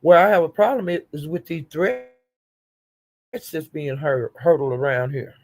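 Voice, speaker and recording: Older woman streamer, husky and gravelly, dark tone, profane defiant rant. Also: deep voice, a little slow. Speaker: YouTube streamer. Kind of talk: livestream rant.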